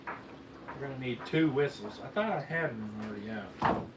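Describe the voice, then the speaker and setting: In a mid-range voice at normal speed, a man fakes a Southern drawl while hosting a fireworks video, joking and rambling folksily through a hands-on demo for the person filming. The audio comes from the camera mic, distant and roomy with faint noise.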